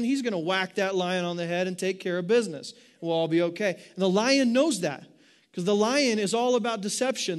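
A man preaching a sermon in an animated way, asking his listeners rhetorical questions. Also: sits high. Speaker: pastor.

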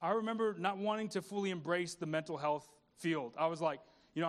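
A man's voice: on the high side, fairly even intonation, fairly quick. A man pastor preaching a conversational sermon, repeating words and asking the congregation questions.

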